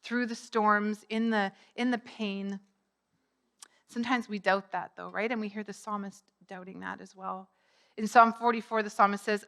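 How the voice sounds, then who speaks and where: A woman's voice: mid-range voice, steady tone, moderate pace, a bit bright. A middle-aged woman preaching a sermon in a conversational way, lifting her voice for quoted cries. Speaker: pastor.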